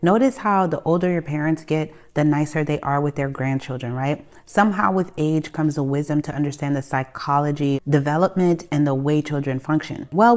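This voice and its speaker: A young adult woman with a Haitian family background, talking bluntly and conversationally as she hosts a self-help video, with animated bursts and frequent restarts. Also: low-pitched. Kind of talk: candid advice monologue. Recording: soft music behind the voice.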